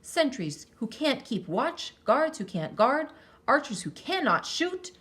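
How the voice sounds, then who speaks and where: A woman voicing an enraged ancient king who shouts and scolds his men in a storybook reading. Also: medium pitch, big pitch swings, moderate pace, close to an everyday voice. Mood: furious. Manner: shouting, indignant. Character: furious old male king, ranting.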